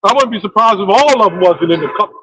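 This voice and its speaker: A man leading a casual religious discussion, telling stories in an animated, profane way. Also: high voice, fast talker, husky, dry recording, dull audio. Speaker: discussion leader.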